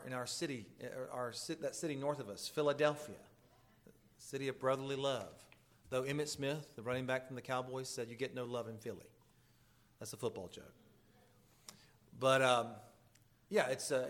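A man preaching a sermon as pastor, earnest and pleading, moving between loud emphasis and hushed intensity. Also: mid-range voice.

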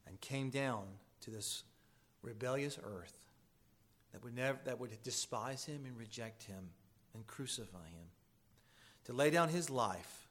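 A man preaching a sermon as pastor, earnest and pleading, moving between loud emphasis and hushed intensity. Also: lowish voice, breathy edge.

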